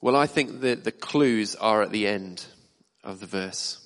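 Preacher man with a low voice. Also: a little slow, a bit bright. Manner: conversational, asks the congregation questions. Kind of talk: sermon. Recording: long reverb of a hall.

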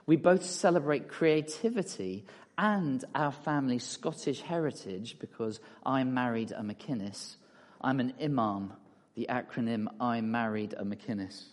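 A middle-aged man giving a relaxed, chatty talk in a church hall, full of fillers and asides to the audience. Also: mid-range voice, unhurried. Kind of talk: conversational sermon with slides. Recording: long hall reverb.

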